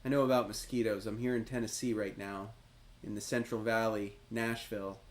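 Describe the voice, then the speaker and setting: A man hosts a live stream while playing a retro quiz game, cheering excitedly and chatting with viewers as he commentates. His voice is on the low side and he speaks fairly quickly.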